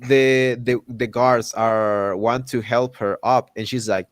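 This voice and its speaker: Animated man ranting. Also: medium pitch, slow pace, dry recording. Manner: animated, indignant, many restarts. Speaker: host. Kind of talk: casual podcast rant.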